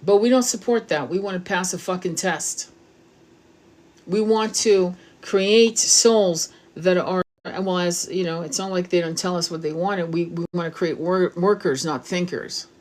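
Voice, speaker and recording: Speaking at a measured pace in a lowish, faintly mellow voice, a middle-aged tarot reader delivers a spiritual reading. She's passionate and blunt about it, with plenty of profanity.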